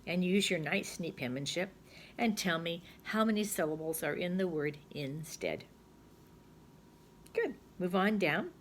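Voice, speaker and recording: A middle-aged woman teacher giving a recorded phonics lesson, patient and chatty, thinking aloud and sounding words out slowly. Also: on the low side, slight background noise.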